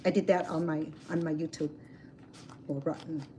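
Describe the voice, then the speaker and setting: At her home grill outside, the vlogger chats while cooking, spinning animated stories with plenty of fillers. She speaks at a moderate pace in a low-pitched voice, and the camera-mic recording is low quality with faint noise behind her.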